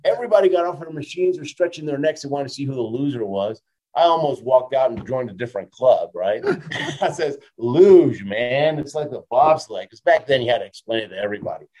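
A motivational speaker in his fifties, with a medium-pitched voice, tells stories as a guest in a casual interview. He's lively, laughs often, and tends to close his lines with a quick "right?".

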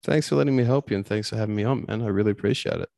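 Deep gravelly-voiced man, earnest coach. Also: very fast, warm tone, no echo. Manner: earnest, emphatic, swears casually. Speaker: coach, podcast guest. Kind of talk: casual conversation.

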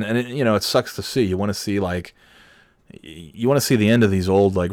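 A man's voice: no room sound, studio quality. A man hosting a podcast, telling a rambling, self-deprecating story in casual chat. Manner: rambling, self-deprecating, acts out quotes in high yelling voices. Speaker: podcast host.

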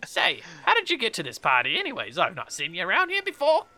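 A man's voice: sits high, wildly swooping pitch, normal speed, bright, forceful tone, pitched above the performer's own voice, heavily acted. A man voicing a sassy, flirty female dragonborn noble who teases and gossips. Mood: gossipy. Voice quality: teasing, brash.

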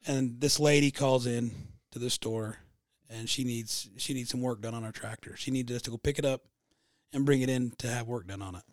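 A man co-hosting a podcast, telling a long anecdote in a relaxed, halting way with many restarts. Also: medium pitch, no room sound, studio quality. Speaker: podcast co-host. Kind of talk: casual storytelling chat.

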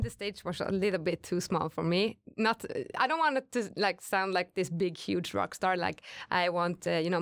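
Woman rock singer, lower voice, casual chat, fillers and restarts, dry close sound. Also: no room sound. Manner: relaxed, chatty, many fillers and restarts. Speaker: rock singer, interview guest.

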